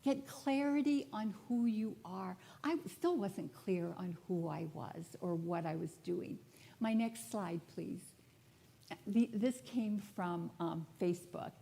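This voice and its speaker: Speaking slowly with a warm, creaky, medium-pitched voice, a woman spiritual director gives a personal sermon in a church sanctuary. She relates her story to the congregation candidly and casually, lightening it with humor.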